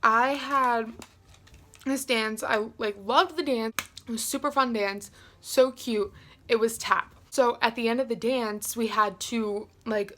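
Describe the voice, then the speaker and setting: A young woman vlogger telling a story in a casual, animated way, with many fillers. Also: a little high, slow pace. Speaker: beauty vlogger.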